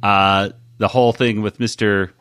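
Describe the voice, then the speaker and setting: A man hosts a podcast and rambles along in casual chat, full of fillers and little chuckles. His voice is on the low side and sounds dry and close to the mic. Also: level tone, moderate pace, a bit bright, clear, resonant tone, dry recording. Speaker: podcast host.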